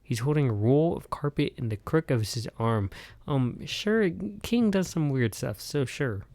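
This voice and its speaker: A man's voice: medium pitch, unhurried, no room sound. Goofy young man narrating a game. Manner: goofy, excitable. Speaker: gaming video host. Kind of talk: comedic game playthrough narration.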